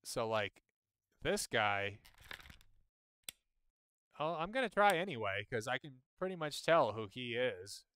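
A man streaming a game, chatting and thinking aloud as he plays, with sudden jumps in pitch when excited. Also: slow, long pauses, a little hiss or hum. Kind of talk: casual gameplay commentary.

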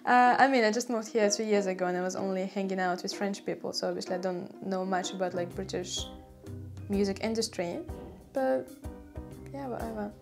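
A woman's voice: mid-range voice, a little fast. Laid-back young woman over music. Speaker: blind dating contestant. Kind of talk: casual chat.

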